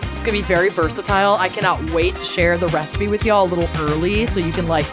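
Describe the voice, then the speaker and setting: A woman's voice: fairly low pitch, fairly even intonation, quick pace, music in the background. A woman co-hosting a podcast in playful, sing-song casual chat. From Minnesota. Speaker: podcast co-host.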